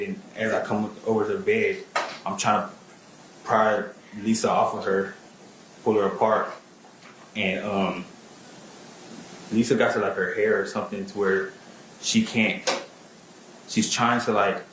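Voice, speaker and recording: A man testifying as a witness in court, halting, repeating words and filling gaps with "like" and "um". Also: fairly low pitch, a bit bright, reverberant, a little hiss or hum, low-quality recording. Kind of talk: plain spoken testimony.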